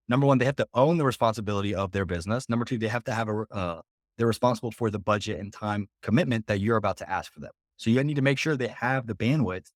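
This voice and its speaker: A man coaching on a group call, talking casually and directly and acting out quick bits of client dialogue. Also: lowish voice, no echo, studio quality. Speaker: business coach. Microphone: video call.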